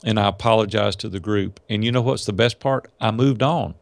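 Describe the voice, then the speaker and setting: A middle-aged man tells stories in a folksy, lively way, acting out what people said. His voice has a gravelly edge, and the sound is dry and close with no room around it. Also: fairly low pitch, brisk, dry recording. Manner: folksy, animated storyteller acting out quotes. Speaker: podcast guest, entrepreneur. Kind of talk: storytelling in a casual interview.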